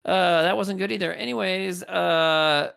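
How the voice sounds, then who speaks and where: A man's voice: high-pitched, measured pace, gravelly, a bit bright, smooth. A man co-hosting a podcast, joking crudely and rambling in casual chat. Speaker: podcast co-host.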